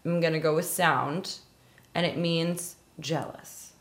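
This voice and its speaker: A woman co-hosting a casual podcast, chatty and quick to laugh at herself while guessing answers. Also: deep voice, steady tone. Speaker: podcast co-host. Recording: echoey room.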